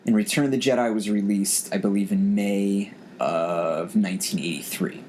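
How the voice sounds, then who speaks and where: With faint background noise behind him, a podcast host in his forties thinks aloud in a rambling, casual way, full of restarts. He speaks at a moderate pace in a lowish voice that's a little mellow.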